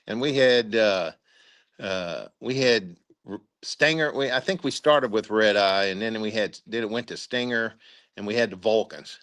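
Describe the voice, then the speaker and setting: An older man, a retired army officer being interviewed, telling stories in a rambling, halting way with chuckles. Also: fairly low pitch, a bit bright. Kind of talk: casual spoken storytelling interview.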